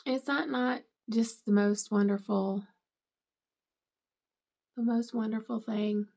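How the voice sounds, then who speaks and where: A woman's voice: on the high side, fairly even intonation, slow pace, vocal fry, a little mellow. A middle-aged woman vlogger unboxing gifts, gushing and teary with emotion. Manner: gushing, emotional, tearful at times. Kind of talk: casual unboxing vlog.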